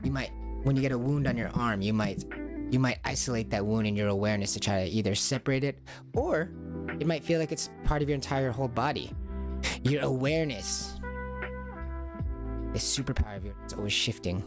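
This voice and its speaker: A man's voice: medium pitch, fairly quick, long pauses. A man hosting a stream, coaching body awareness in a playful, repetitive call-and-response style. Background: music.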